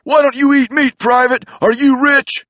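A man's voice: very high voice, flat delivery, moderate pace, a bit bright, dry recording, pitched above the performer's own voice. A man voicing a furious macho male drill sergeant who barks every line in a wrestler-style delivery. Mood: scornful. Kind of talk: audiobook character voice.

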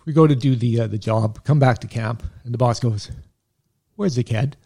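Middle-aged man, veteran medic guest: gravelly, husky, relaxed storyteller who rambles and chuckles. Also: mid-range voice, fairly quick. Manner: laid-back, chuckles often, rambling asides. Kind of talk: casual storytelling.

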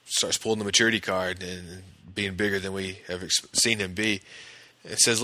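A man's voice: sits low, fairly even intonation, moderate pace, sharp tone. A man casually recapping a TV episode scene by scene, with plenty of fillers and restarts. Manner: conversational, many fillers and restarts. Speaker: podcast host recapping an episode.

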